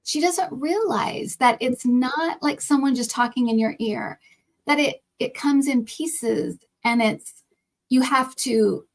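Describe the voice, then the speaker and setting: A middle-aged woman hosting a relaxed chat as a psychic reader, telling a personal story in animated bursts. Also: high voice, rough recording. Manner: animated storytelling, hurried bursts then drawn-out words. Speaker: psychic reader and channel host. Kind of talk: casual chat.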